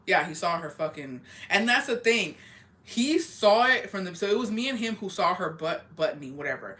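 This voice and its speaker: A young woman tells a story from her school days in loose, casual chat. Her voice is bright and forceful, and she swears freely and drifts from point to point. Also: medium pitch, animated, moderate pace. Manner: profane, rambling and blunt. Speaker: streamer.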